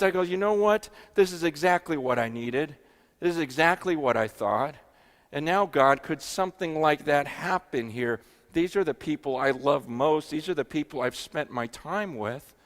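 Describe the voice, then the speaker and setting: A man preaches a sermon and tells a story, his fairly high voice sliding from hushed low passages up to loud, excited bursts. He stumbles over restarts as he talks. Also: moderate pace. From United States. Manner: animated, many restarts, swings from hushed to loud. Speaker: pastor.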